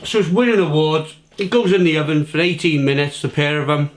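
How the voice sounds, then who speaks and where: British man, casual food review, chatty and repetitive, slightly high voice. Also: steady tone, brisk, a little hiss or hum. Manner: chatty, repeats himself, talks while eating.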